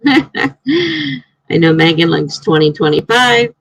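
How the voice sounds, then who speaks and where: A woman's voice: low voice, lively intonation, slow pace, pauses often, no room sound, rough recording. A woman, a writer, hosting a casual live stream from home, chatting in a rambling way and laughing often.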